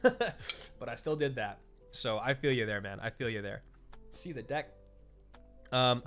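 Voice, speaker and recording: A man's voice: mid-range voice, big pitch swings, moderate pace, pauses often, fairly bright tone, soft background music. A man in his thirties casually chatting with his live stream audience while waiting to cast an esports match, answering chat and joking about himself.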